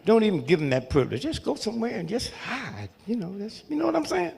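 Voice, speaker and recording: A comedian in his seventies tells humorous stories to a live crowd, folksy and chuckling, frequently checking in with the audience. His voice sits high with big pitch swings, a quick pace, vocal fry, and a slightly mellow quality.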